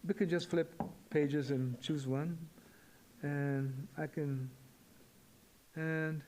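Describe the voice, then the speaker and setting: An older man speaking to an audience with a mellow, dark-toned voice pitched a touch high. He muses and repeats words as he goes, halting and reflective like a poet telling stories. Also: steady tone, a little hiss or hum. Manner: halting, repetitive, musing. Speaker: poet giving a public talk. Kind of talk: reflective storytelling talk to an audience.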